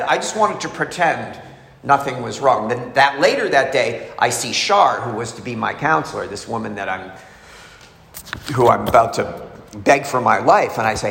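A man's voice: mid-range voice, big pitch swings, moderate pace, vocal fry, a bit bright, a little hiss or hum. A man giving a candid, emotional personal testimony, acting out the voices of people in his story. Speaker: speaker sharing a recovery story. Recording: echoey hall, faint ambience.

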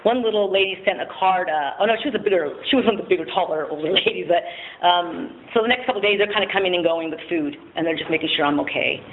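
A woman's voice: on the low side, fast. A woman giving a candid personal testimony at a recovery meeting, frank and self-mocking, laughing often and swearing casually. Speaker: speaker sharing at a recovery meeting. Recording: tinny phone-like audio with faint noise.

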